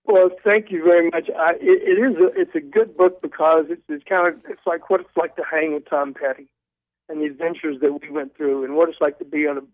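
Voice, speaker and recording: An older man, a guest author, telling animated stories with stumbling restarts over the phone. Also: fairly high pitch, brisk, no room sound. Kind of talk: storytelling in a phone interview. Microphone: telephone. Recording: tinny phone line.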